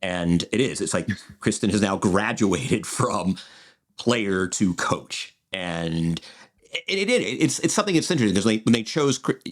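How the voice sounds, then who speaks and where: A man's voice: lowish voice, animated, moderate pace. A man in his forties co-hosting a podcast, chatting in a digressive way with frequent restarts. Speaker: podcast co-host. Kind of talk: casual chat.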